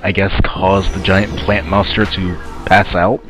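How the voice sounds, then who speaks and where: A man's voice: low-pitched, level tone, a little slow, over music. A man with a stuffy, sinus-congested voice, casually commenting while playing a video game, rambling and grumbling at the game. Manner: rambling, muttering asides to the game. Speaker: let's play commentator.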